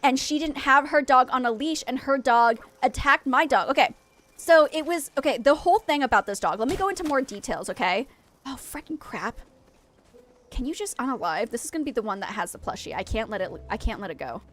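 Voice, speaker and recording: Female streamer, 30s, high voice, lively casual storytelling over gameplay. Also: a little fast, a little hiss or hum. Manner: chatty, animated, swears and laughs often. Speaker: gaming streamer. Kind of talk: casual storytelling while gaming. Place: home office.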